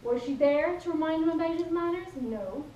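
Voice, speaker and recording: A woman's voice: high voice, brisk, mellow, highs cut off, slight background noise. A woman with an Irish accent giving a humorous contest speech, telling playful stories and acting out quoted lines. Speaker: contest speaker. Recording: echoey hall from far off.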